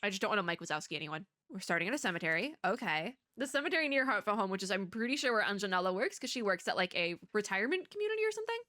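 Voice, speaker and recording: Bright chatty young woman streamer. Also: mid-range voice, very animated, rapid-fire, few pauses, no echo, clean studio sound. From Texas. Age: young adult. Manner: chatty, rambling, reads dialogue without voices. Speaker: gaming content creator. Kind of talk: casual let's-play commentary and reading aloud. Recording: faint game music behind.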